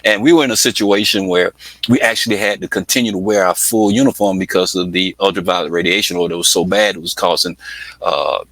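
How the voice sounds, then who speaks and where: Speaking quickly in a deep, steady, fairly bright voice, this interview guest is a middle-aged music project manager from Atlanta. He tells stories conversationally, often laughing and imitating voices, and the low-quality audio has no room sound.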